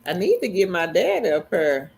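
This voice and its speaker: A woman's voice: lowish voice, huge pitch swings, normal speed, gravelly, darkish tone, a little hiss or hum. A woman co-hosting a casual livestream, greeting viewers and reading their comments aloud. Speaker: livestream co-host.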